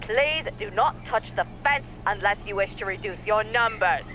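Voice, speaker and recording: A woman's voice: medium pitch, normal speed, pushed and bright, slight background noise, natural voice, low-quality recording. A woman voicing a curt male military guard who speaks in a cold, clipped, sarcastic way while reading a game's dialogue aloud.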